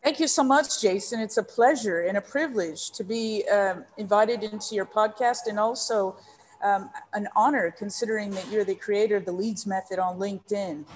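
A woman's voice: mid-range voice, moderate pace, a little hiss or hum. A woman from Texas, a leadership coach guesting on a podcast, telling a personal story in an earnest, heartfelt way with many ums. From San Antonio, Texas. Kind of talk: storytelling interview.

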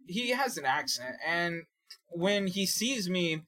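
A man's voice: sits high, big pitch swings, slow, sharp tone. A young man chatting casually on a podcast, telling a story from work in a rambling way with lots of fillers and restarts, laughing often. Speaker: podcast co-host.

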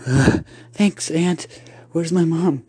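A man's voice: fairly high pitch, slow pace, warm tone, slightly rough, no echo, pitched above the performer's own voice, full character voice. A man voicing a timid, frightened nephew who stammers.

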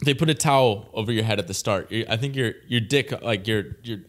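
A man's voice: on the low side, a little fast. A young man in casual chat, rambling through a story with lots of fillers and laughs.

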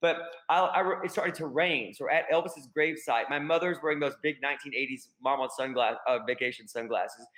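A guest actor from the American South with a Southern accent, telling rambling, self-deprecating stories in a casual podcast chat. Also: male voice, fairly high pitch, fairly quick, few pauses, a bit bright, low-quality recording.

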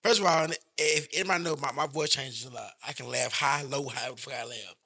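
Man, podcast guest, high-pitched voice, stammering repeats, very bright, husky edge. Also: fast talker. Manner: stammering, repeats words as he talks. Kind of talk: casual chat.

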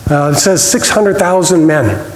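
A man teaching a church Bible study, conversational with small restarts, reading scripture with expressive emphasis. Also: a little high, unhurried. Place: church hall. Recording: roomy hall reverb, faint noise.

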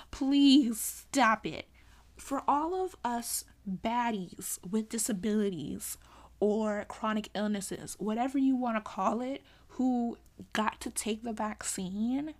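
A young woman talking casually to camera in a vlog, animated and exasperated, pleading with sudden high exclamations. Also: takes it slowly. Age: young adult. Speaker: vlogger.

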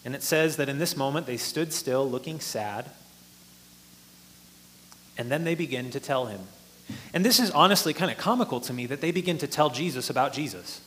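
A man's voice: fairly high pitch, fairly bright tone. A man preaching a sermon, explaining a passage earnestly and rising in force for emphasis.

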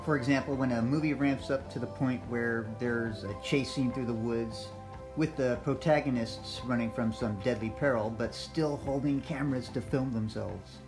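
A man reading out his own film review for a podcast, in a measured, scripted way with dry asides. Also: mid-range voice, fairly even intonation, over music. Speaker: listener sending in an audio review.

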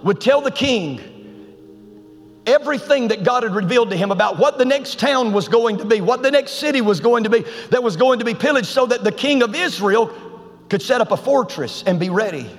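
A man preaching a sermon to his church, telling a Bible story in a lively, colloquial way. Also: high-pitched, fairly quick, in a large hall, soft background music.

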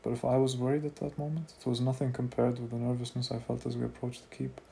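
Man reading aloud with a gravelly voice. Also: mid-range voice, level tone, fast talker, warm tone, a little hiss or hum. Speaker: reader of a novel. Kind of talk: amateur audiobook reading.

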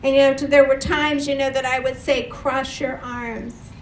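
A woman's voice: high-pitched, level tone, quick pace, darkish tone, a little hiss or hum. A woman preaching a sermon, earnest and leading the congregation in repeated phrases. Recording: roomy echo from a distant mic.

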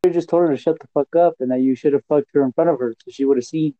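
A young guy ribs his buddy during a voice call, in a blunt, teasing way. His voice is mellow and a bit high, and the sound is dry. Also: rapid-fire, no echo, lo-fi sound. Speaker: friend. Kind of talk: casual chat over a call.

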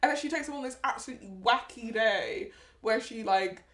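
A woman's voice: on the high side, fairly quick, fairly bright tone, echoey room. A woman co-hosting a podcast in casual chat, retelling scenes and quoting characters in passing. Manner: chatty, retells scenes with quoted voices. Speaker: podcast co-host.

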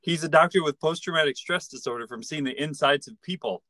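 A man's voice: fairly high pitch, fast talker, pushed and bright, dry recording. A man co-hosting a podcast, throwing in short teasing comments in casual chat. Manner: dry teasing interjections. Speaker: podcast co-host.

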